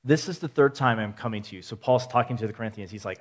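A male pastor giving a measured sermon, teaching point by point and asking rhetorical questions. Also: mid-range voice. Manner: steady, counts points aloud.

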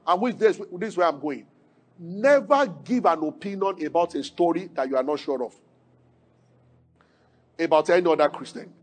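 A pastor delivers a sermon, posing questions to the congregation and shifting between emphatic high points and low, quiet lines.

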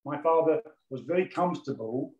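A man lectures a class on mediumship, explaining patiently and repeating key phrases for emphasis. His voice is fairly high, animated and dark in tone, at a normal speed. The sound is roomy and lo-fi.

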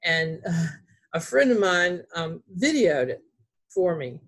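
A woman's voice: fairly low pitch, big pitch swings, takes it slowly. Southern lady writer from north carolina, chatty and rambly, lots of ums and restarts. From Greensboro, North Carolina. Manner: rambling, many fillers and restarts. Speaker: author. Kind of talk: casual storytelling chat.

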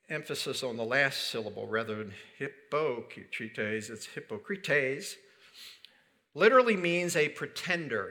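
Bright-voiced man preaching a conversational sermon. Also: a little high. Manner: conversational preaching with rhetorical questions and light humor. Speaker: pastor.

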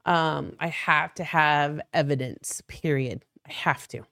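A woman's voice: low voice, a little slow, gravelly, fairly bright tone, no echo, studio quality. A middle-aged woman co-hosting a comedy podcast, speaking bluntly and animatedly, with frequent swearing. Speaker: podcast co-host. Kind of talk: casual comedy podcast chat.

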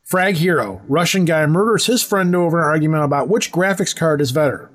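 A man's voice: fairly high pitch, lively intonation, a little fast, fairly bright tone. A man hosting a podcast in casual chat, rambling and teasing his co-host. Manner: rambling, self-correcting, teasing.

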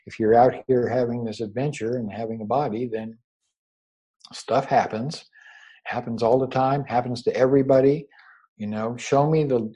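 A man giving a spiritual teaching over a video call, unhurried and gently reassuring, often repeating his words. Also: medium pitch, breathy edge, low-quality recording. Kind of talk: meditative spiritual talk. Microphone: own microphone over a video call.

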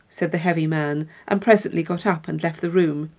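A woman narrating a short ghost story in a measured, even reading voice. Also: on the low side. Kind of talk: read-aloud story narration.

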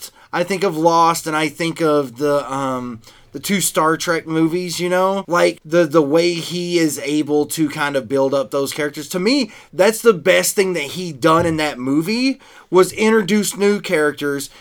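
A man co-hosting a casual movie podcast in a slightly high voice. He talks in an easygoing, agreeable way, searching for his words with a few fillers. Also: measured pace. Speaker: podcast co-host.

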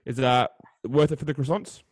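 A man's voice: mid-range voice, steady tone, normal speed, breathy edge, no echo. A man co-hosting a podcast, teasing and chummy, reading out facts between banter. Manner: chummy, teasing, says "mate" often. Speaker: podcast co-host.

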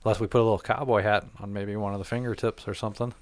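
A man's voice: lowish voice, little pitch movement, racing, dry recording. A man hosting a podcast in casual chat, laid-back and swearing freely. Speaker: podcast host.

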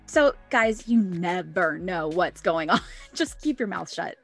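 A woman in her thirties talks openly as a podcast co-host, her voice sitting on the lower side. She tells personal stories in a candid, chatty way and laughs often. Faint music plays underneath. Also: lively intonation, unhurried, vocal fry, a bit bright. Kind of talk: casual chat, personal storytelling.

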